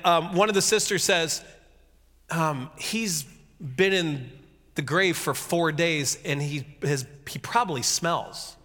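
A man giving a casual, conversational sermon, retelling a scripture story with jokey asides and animated reading. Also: on the high side, in a large hall. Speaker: pastor.

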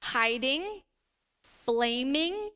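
High, bright-voiced woman preaching in a hall. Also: drawn-out words, smooth. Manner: animated, conversational, acts out little quoted scenes. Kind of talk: sermon. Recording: long reverb of a large hall.

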